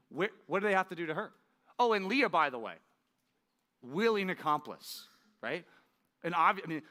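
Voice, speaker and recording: A male pastor preaching a sermon in a conversational, animated way, often checking in with the audience. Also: fairly high pitch.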